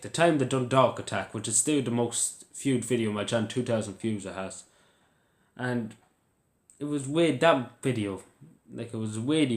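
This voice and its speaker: An Irish man talking to camera in a casual vlog, emotional and rambling, repeating himself as he goes. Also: fairly low pitch. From Ireland. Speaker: YouTuber. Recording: roomy echo.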